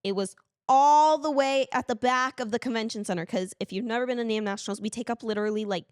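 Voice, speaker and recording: This podcast co-host, a woman with a slightly high, smooth voice, talks fast while telling an animated story in casual conversation. She laughs as she goes and squeals when she quotes herself, in a dry, studio-quality recording.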